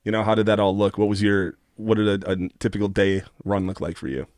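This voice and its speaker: A man with a Midwestern American accent hosting a podcast, asking questions in a relaxed, conversational way. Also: fairly low pitch, brisk, no echo. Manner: upbeat announcer delivery in the intro, relaxed conversational questions after. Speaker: podcast host. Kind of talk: scripted show intro, then casual interview.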